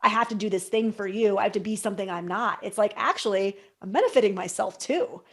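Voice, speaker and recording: A woman's voice: mid-range voice, fast. A woman hosting a podcast in casual chat, reflective and talking in long flowing thoughts. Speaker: podcast host.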